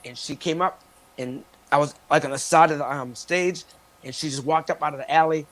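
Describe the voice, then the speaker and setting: Man, guest in a casual interview, lively storyteller, slightly high voice. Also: a little fast. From Cape Cod, Massachusetts. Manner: animated storyteller, laughs often.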